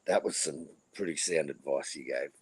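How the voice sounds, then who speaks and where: A man's voice: very deep voice, normal speed, husky, rough recording. A middle-aged man hosting a casual livestream, rambling crudely and repeating his phrases. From Australia. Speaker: livestream host.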